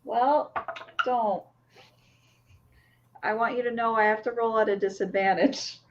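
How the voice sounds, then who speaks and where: A woman's voice: a little high, fairly even intonation, unhurried. Wry woman player, dull recording. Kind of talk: casual tabletop play. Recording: slightly dull recording with faint noise.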